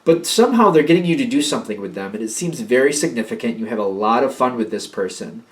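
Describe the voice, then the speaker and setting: A man's voice: medium pitch, animated, quick pace. A man giving a casual tarot reading to camera, talking in a hesitant way, often repeating words and using fillers. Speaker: tarot reader.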